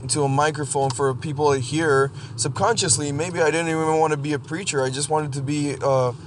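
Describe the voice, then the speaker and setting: A man hosting a solo podcast monologue, blunt and profane, halting and restarting as he talks. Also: fairly high pitch, fairly even intonation, slight background noise. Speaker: podcast host.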